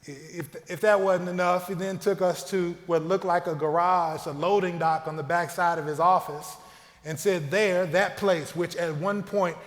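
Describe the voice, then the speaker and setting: A man from the Southern US, a clergyman, reading a prepared talk in a measured, earnest way with emphatic phrasing. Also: sits high, fairly even intonation. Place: church. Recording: long reverb of a church hall.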